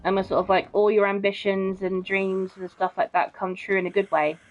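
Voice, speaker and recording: A woman's voice: medium pitch, flat delivery, a little fast. Young girl chatting on her game stream, swears a lot, says bro, dull muffled mic. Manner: chatty and blunt, swears often, keeps saying bro. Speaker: gaming streamer. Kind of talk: casual live gameplay chat, reading viewer comments.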